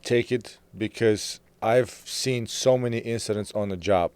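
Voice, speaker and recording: A man hosting a podcast in casual conversation, talking earnestly, repeating himself and trailing off quietly. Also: on the low side, steady tone, a little slow, clean tone, dry recording. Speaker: podcast host.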